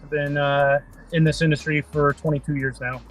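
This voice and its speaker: A man's voice: a little high, level tone, moderate pace. A man in his thirties, a guest calling in from his parked car, easygoing in casual chat. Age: 30s. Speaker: guest, tint business owner. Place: parked vehicle.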